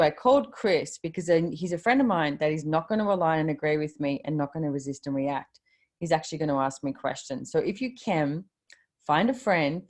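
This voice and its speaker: A woman with a low voice talks casually and gives motivational advice over a video call. She is chatty and offhand, quotes her own thoughts aloud and lets a swear word slip. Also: a little mellow. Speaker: host of a live video call.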